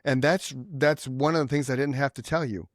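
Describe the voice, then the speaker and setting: A man's voice: mid-range voice, fairly even intonation, normal speed, no room sound. A male podcast host chatting casually with a band. He talks with eager enthusiasm and often repeats words as he gathers his thoughts. His voice sounds close and dry. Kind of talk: casual chat.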